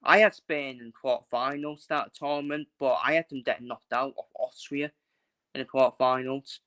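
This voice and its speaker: A man from England talks football with a bright, forceful voice, hammering the same points again and again. He speaks bluntly and emphatically, like a vlogger ranting to his viewers. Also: medium pitch, steady tone, normal speed. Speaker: football channel host. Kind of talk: casual ranting match preview.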